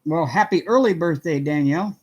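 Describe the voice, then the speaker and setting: A man's voice: on the high side, fairly quick, husky, highs cut off. A middle-aged man hosting a casual craft livestream from home, chatting with viewers, greeting them by name and laughing often. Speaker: livestream host.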